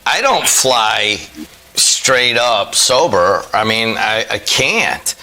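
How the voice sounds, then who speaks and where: A man's voice: fairly low pitch, lively intonation, takes it slowly, sharp tone, rough recording. A man hosting a casual call-in radio show, rambling and easygoing, with a Northwest Indiana accent. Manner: rambling, easygoing, many fillers. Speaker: radio host.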